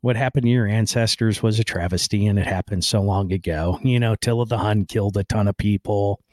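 A man's voice: fairly low pitch, a little fast, a little mellow, no echo, studio quality. A man hosting a podcast, delivering a blunt, rambling opinion monologue with casual swearing and frequent "right?" and "man". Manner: swears casually and then apologizes. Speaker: podcast host.

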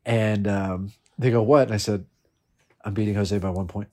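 Animated man telling a fantasy football story. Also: fairly low pitch, normal speed. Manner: animated storytelling, swears, laughs often. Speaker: fantasy football league member. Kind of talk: casual chat.

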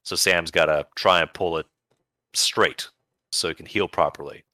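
A man's voice: sits low, steady tone, normal speed, bright, forceful tone, no room sound. A man co-hosting a podcast, chatting casually and enthusiastically about video games, rambling with bursts of playful emphasis. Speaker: podcast co-host.

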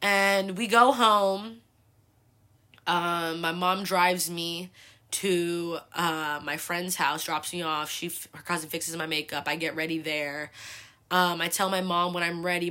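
Bright-voiced young woman telling a story. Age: 20s. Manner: animated, swears freely, leans on "like" a lot; acts out quoted people with big pitch jumps. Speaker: podcast host. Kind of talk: casual storytelling monologue.

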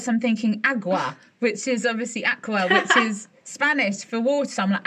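A woman's voice: fairly high pitch, normal speed, few pauses. A woman, co-hosting a podcast in casual chat, telling stories with lots of laughter. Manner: animated storytelling, laughs often. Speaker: podcast co-host.

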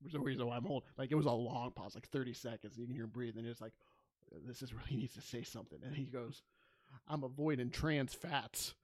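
A man's voice: mid-range voice, rapid-fire, dry recording, clean studio sound. A man co-hosting a casual podcast, telling stories with lots of laughter and casual swearing. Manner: animated storyteller, laughs often, swears casually. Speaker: podcast co-host.

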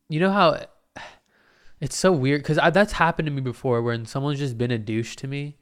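A man's voice: medium pitch, fairly even intonation, moderate pace, a bit bright. A man hosting his own podcast alone, rambling in a self-mocking way and swearing often. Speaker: podcast host. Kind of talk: casual solo podcast monologue.

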